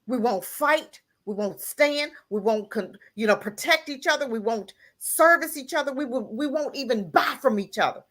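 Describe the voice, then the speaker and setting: A woman's voice: expressive, moderate pace, few pauses, fairly bright tone. A woman calling in to a live talk show, delivering a heated, emphatic rant full of repeated lines. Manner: breaks into laughter and raises voice to near-crying pitch. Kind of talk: impassioned call-in rant.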